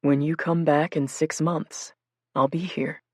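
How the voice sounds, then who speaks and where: Gentle young man, as a woman reads him. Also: deep voice, fairly even intonation, unhurried, breathy edge, no echo, clean studio sound. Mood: gentle, pleading. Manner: soft, gentle, pleading. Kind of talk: audiobook character voice.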